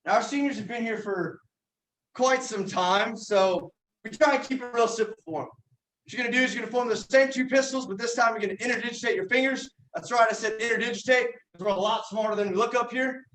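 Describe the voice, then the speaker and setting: A young man, a yell leader, explaining chants with a folksy, teasing delivery. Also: very high-pitched, brisk. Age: young adult. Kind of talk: joking instructional talk. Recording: echoey room from far off.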